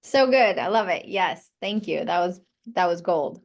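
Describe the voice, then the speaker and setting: A woman's voice: fairly low pitch, expressive, a little slow. A woman co-hosting a podcast for chiropractors, chatty and affirming. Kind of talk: casual podcast chat.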